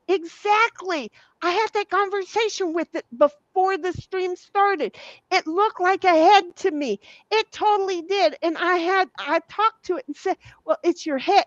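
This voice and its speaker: A woman's voice: sits high, no echo, lo-fi sound. A woman hosting a casual livestream, reading viewer comments aloud in a salty, giggly way and swearing freely. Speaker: livestream host.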